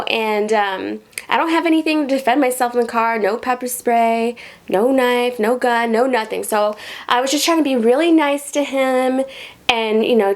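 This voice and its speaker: Brief: young woman, story-time vlogger, swears a lot, rambles, slightly high voice. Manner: rambling, profane, full of "like". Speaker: rideshare driver telling stories. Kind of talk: casual storytime vlog.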